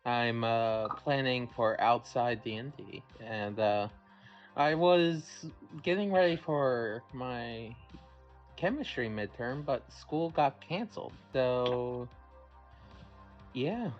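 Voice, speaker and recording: A man's voice: mid-range voice, slow. A man playing a character in a tabletop game, speaking hesitantly with many fillers. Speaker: player. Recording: dull lo-fi audio with faint music.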